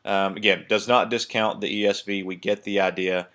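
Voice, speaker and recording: A man giving a casual recorded lesson on a Bible passage, thinking aloud with many pauses, fillers and restarts. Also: lowish voice, fairly even intonation, fairly bright tone. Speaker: Bible teacher. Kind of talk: screen-share lecture on Hebrew text.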